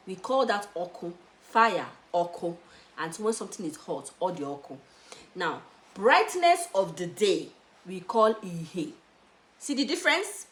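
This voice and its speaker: In this beginner language lesson, a young woman from Anambra, Nigeria drills Igbo vocabulary, saying each word slowly and emphatically for students to repeat. Her voice is medium-pitched and fairly bright, with a Nigerian English accent shaped by Igbo.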